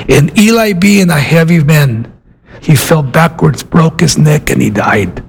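A man's voice: on the high side, lively intonation, a little slow, gravelly, a little hiss or hum. A man preaching a sermon, retelling a Bible story with dramatic changes of pace.

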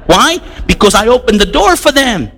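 A middle-aged man teaching a lively Bible class, telling stories and acting out the people in them. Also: very high voice, normal speed, noisy background. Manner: animated storytelling, acting out dialogues.

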